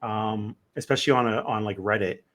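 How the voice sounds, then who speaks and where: A man's voice: on the low side, fairly bright tone. An American man co-hosting a casual podcast, chatty and joking as he asks questions. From United States. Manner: jokey, chatty, quick. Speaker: podcast co-host.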